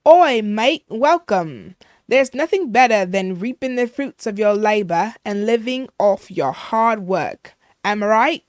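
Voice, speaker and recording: A woman doing a loud, hearty tavern keeper with a rough put-on accent. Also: mid-range voice, animated, unhurried, no room sound, clean studio sound, close to an everyday voice. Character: brash male tavern owner, boastful.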